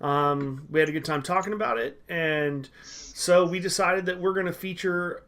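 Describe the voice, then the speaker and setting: Casual male podcast host, slightly high voice, joking, loose delivery. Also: moderate pace, fairly bright tone. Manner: loose, joking, filler-heavy.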